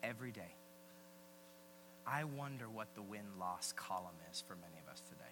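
A man preaching a sermon as pastor, energetic and repetitive, with joking asides. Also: on the low side, normal speed, noisy background.

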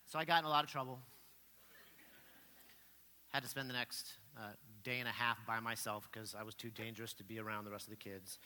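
A middle-aged man preaching, telling a story in an animated way and acting out the voices in it. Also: mid-range voice, a little fast, pauses often, a little hiss or hum. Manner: animated storyteller, acts out quotes loudly. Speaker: pastor. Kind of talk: storytelling sermon. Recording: long hall reverb.

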